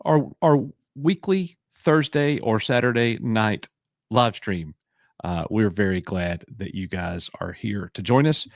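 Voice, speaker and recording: Joking Alabama live-stream host. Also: male voice, fairly low pitch, creaky, dry recording, clean studio sound. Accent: Southern US, Alabama. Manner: joking, reads chat names aloud and banters. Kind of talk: casual live-stream chat.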